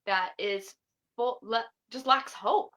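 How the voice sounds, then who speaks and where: A woman's voice: fairly high pitch, slow, pushed and bright. A woman guest on a podcast, an author and podcaster, talking about faith in a fervent, emphatic way. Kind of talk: casual faith-based interview chat.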